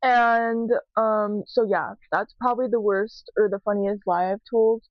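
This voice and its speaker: Answering viewer questions, a young vlogger talks confessionally and casually, full of "like," "um" and free swearing. She speaks at medium pitch with a steady tone and measured pace. The audio is dry and muffled.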